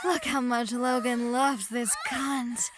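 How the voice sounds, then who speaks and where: A woman's voice: on the high side, slow pace, noisy background. A woman voicing a bossy, dominant female leader in an audiobook, giving firm commands. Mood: commanding. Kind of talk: erotic audiobook character voice.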